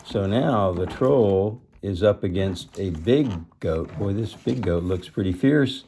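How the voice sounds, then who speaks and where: A man reads a picture book aloud to children, unhurried and low in the voice. He stops often to explain a word or show a picture, then carries the story on. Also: lively intonation, creaky, dark tone, a little hiss or hum. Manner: explains words and pictures to listeners.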